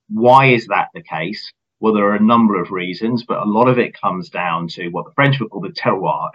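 A man speaking as a company finance chief in an interview, measured and earnest, often repeating words as he starts. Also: sits low, fairly bright tone, slightly rough, dull audio. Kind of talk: business interview answers.

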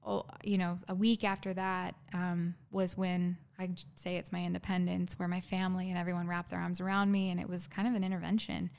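Smooth-voiced woman recounting a painful story. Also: mid-range voice. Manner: halting, earnest, many fillers and restarts. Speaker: guest sharing a personal story. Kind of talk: emotional personal storytelling.

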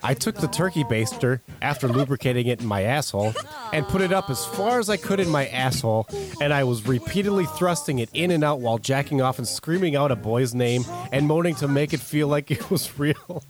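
A man's voice: medium pitch, lively intonation, brisk, over music. A man, a radio producer, reading a crude comedic promo in a smug, mock-serious way.

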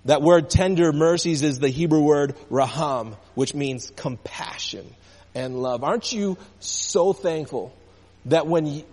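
A man's voice: fairly high pitch, a little slow, darkish tone. A male pastor preaching a sermon, calling out to the congregation, with emphasis that rises and falls. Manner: call-and-response preaching, rising and falling emphasis. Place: church sanctuary. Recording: church hall reverb.

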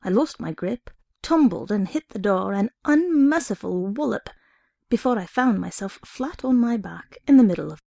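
A woman reading a short story aloud in the first person, steady and wry. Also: medium pitch, normal speed, creaky, dry recording, clean studio sound. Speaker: reader.

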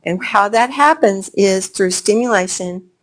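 A woman with a medium-pitched voice speaks unhurriedly to homeschooling parents about how gifted children's brains develop. She tells warm stories, acting out the quotes within them.

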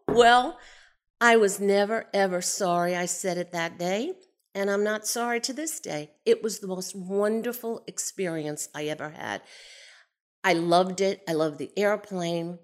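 Animated woman telling a personal story. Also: medium pitch, measured pace. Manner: animated, expressive, swings from excited to hushed. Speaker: storyteller, aviation enthusiast.

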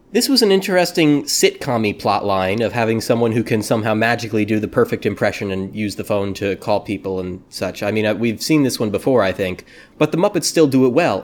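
A man's voice: medium pitch, lively intonation, a little fast. A man hosting a casual podcast discussion, talking in a playful, jokey way. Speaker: podcast host.

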